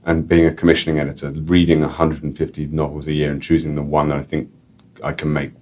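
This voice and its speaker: A man's voice: rumbling low, completely flat delivery, fast, highs cut off. A male author and editor, a guest in an interview, talking casually in a rambling way with repeated words and many "like"s. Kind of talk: casual chat and reading aloud.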